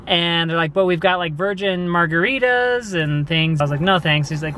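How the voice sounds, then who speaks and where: A young man vlogging outdoors on a handheld camera, telling stories in an animated, casual way with laughs. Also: fairly high pitch, normal speed, hardly any pauses, rough recording. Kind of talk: casual vlog chat. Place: outdoors on a busy street. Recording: faint street noise outdoors.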